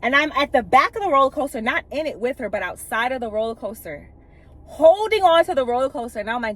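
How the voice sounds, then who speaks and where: A woman's voice: sits high, lively intonation, fast, a bit bright. Candid woman telling stories in a car. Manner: candid and emphatic, with casual profanity; retells scenes by acting out quoted speech. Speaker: vlogger sharing spiritual experiences. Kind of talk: casual storytelling monologue.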